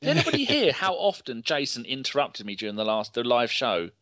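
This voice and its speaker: A man's voice: mid-range voice, fairly quick, no room sound, studio quality. A man hosting a casual football podcast call, swearing, laughing and telling stories. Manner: sweary, laughing, animated storyteller. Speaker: podcast host.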